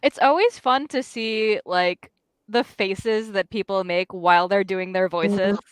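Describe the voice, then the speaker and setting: A woman's voice: mid-range voice, unhurried, clear, resonant tone, dry recording. A woman guest in a casual group chat, friendly and encouraging.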